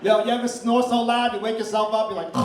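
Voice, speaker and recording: Middle-aged male stand-up, crude and chatty crowd worker, high voice, roomy live club sound. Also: steady tone, normal speed, distant mic, noisy background. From Philippines heritage. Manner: brash, crude, conversational crowd work. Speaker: stand-up comedian. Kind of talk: stand-up comedy set. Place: comedy club stage, live audience.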